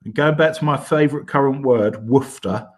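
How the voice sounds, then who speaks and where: A man's voice: mid-range voice, moderate pace. A man from Bedfordshire co-hosting a football podcast, blunt, exasperated and crude. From Bedfordshire, England. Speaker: podcast co-host. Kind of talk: casual football podcast chat.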